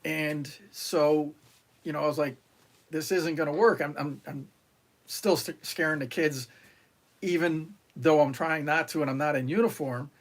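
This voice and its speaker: A man's voice: on the high side, fairly even intonation, a little slow. A middle-aged man from New York, a retired Marine, telling stories on a podcast in a rambling way, with many fillers and restarts, and acting out the lines of others. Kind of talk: casual interview storytelling.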